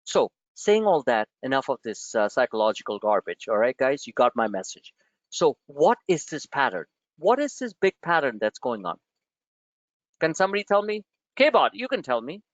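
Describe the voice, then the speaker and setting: A man's voice: mid-range voice, big pitch swings, moderate pace, dry recording. Blunt, ranting New man. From New York. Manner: frustrated, blunt, profane, lecturing. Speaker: trading webinar host. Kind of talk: live webinar rant. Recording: dull dry lo-fi webinar audio.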